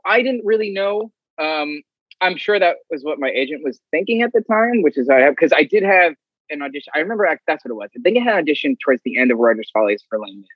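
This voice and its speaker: Husky-voiced man telling stories. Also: a little high, no room sound. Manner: animated, acts out others' lines. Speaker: guest. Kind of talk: casual storytelling. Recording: dull, slightly muffled audio.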